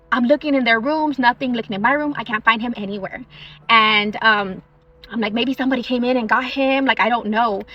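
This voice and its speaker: A woman's voice: on the high side, sharp tone. A young woman casually telling a true haunting story, chatty and full of fillers. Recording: dull lo-fi audio.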